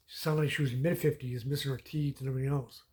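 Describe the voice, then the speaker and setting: Man, mid pitch, casual rant, profane, rambling, repeats filler phrases. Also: fairly even intonation, quick pace, darkish tone. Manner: profane, rambling, repeats "you know what I mean". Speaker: vlogger.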